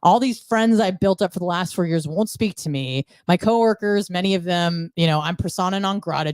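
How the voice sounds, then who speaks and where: A woman's voice: lowish voice, animated, brisk, few pauses, a little mellow, no room sound. A woman guest on a podcast, telling her story bluntly with frequent swearing. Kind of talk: candid conversational storytelling.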